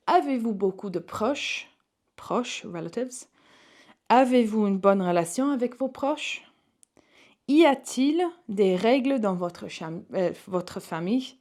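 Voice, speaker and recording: A woman's voice: medium pitch, lively intonation, moderate pace, warm tone. A young woman teaching a French exam-prep lesson online, explaining in English and reading French questions aloud.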